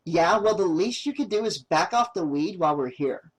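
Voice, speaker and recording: A man voicing an irritated young woman filmmaker, sharp and exasperated. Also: sits high, animated, normal speed. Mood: annoyed.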